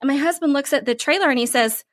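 A woman co-hosting a podcast, telling a story in a casual, animated way, peppered with "like" and playful bragging. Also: sits high, fast talker, no echo, clean studio sound. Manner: animated, lots of "like", playful self-praise. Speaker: podcast co-host.

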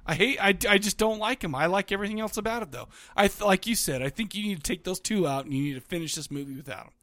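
A man's voice: high voice, fast, fairly bright tone, dry recording. A man co-hosting a podcast in casual chat, rambling and restarting his sentences, often laughing. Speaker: podcast co-host.

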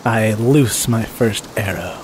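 A man's voice: lowish voice, a little hiss or hum. A man playing a tabletop game, joking and laughing with the table. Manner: playful, joking, quick to laugh. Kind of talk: casual tabletop play.

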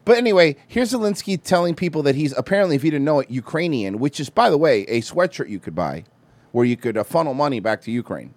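Lively high-ish dude ranting and joking, dry close mic. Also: male voice, fast talker, dry recording. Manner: animated, crude, joking. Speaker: podcast co-host. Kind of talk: casual chat.

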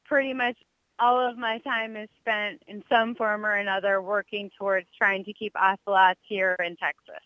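A woman from Connecticut working as a wildlife biologist, answering interview questions in an earnest, measured way. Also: mid-range voice, level tone, dry recording, highs cut off. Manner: earnest, measured, some restarts.

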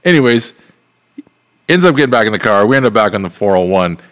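A man's voice: fairly low pitch, very animated, fast talker, a bit bright. A man co-hosting a podcast, telling a rambling, profane story with laughs in a casual chat. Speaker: podcast co-host.

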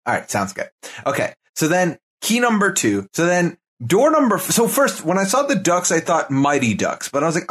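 Man, podcast co-host, thinking aloud, casual chat, animated pitch. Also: moderate pace, breathy edge. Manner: thinking aloud, walking through clues.

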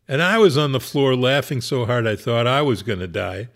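Brief: male rabbi storyteller, wry and conversational, everyday mid pitch. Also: expressive, moderate pace. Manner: wry, conversational, laughs at his own story. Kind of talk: humorous storytelling.

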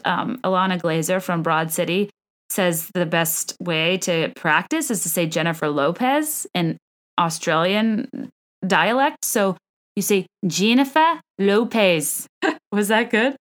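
Lady doing a solo gossip podcast, slightly low voice, rambly, lots of asides. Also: normal speed. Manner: chatty and rambling, many asides and restarts. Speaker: podcast host. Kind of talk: solo celebrity gossip chat.

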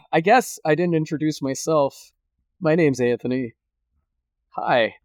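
A man's voice: on the high side, takes it slowly, a little mellow, no room sound. A man hosting a casual podcast chat, joking around and swearing freely. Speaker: podcast host.

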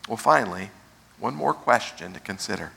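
A man preaching a sermon as pastor, asking rhetorical questions and slowing down to stress key phrases. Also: lowish voice, expressive, vocal fry, pushed and bright, slightly rough.

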